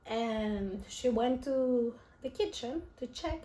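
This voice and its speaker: Slow-talking high-voiced woman vlogger. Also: expressive, warm tone. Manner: emotional, chatty, repeats herself. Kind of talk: casual storytelling to camera. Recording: echoey room.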